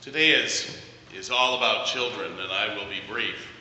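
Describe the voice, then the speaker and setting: A middle-aged man preaching a sermon in a church, earnest and measured, telling stories. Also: on the low side, sharp tone, slight background noise. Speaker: pastor. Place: church sanctuary. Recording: echoey church hall from a distance.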